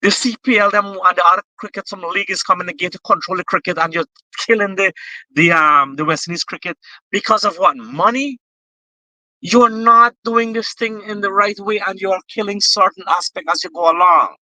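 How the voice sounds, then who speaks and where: A man's voice: sits high, steady tone, a little fast, pushed and bright, no echo, low-quality recording. A Guyanese man talking politics with passion, often restarting his sentences. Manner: impassioned, repetitive restarts. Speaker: political guest. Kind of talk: political discussion.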